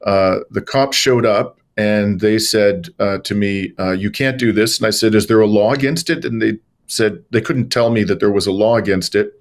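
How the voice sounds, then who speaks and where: A man, a journalist and lawyer, telling animated stories as an interview guest, with many fillers and restarts. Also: on the low side, moderate pace, hardly any pauses. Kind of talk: conversational interview storytelling.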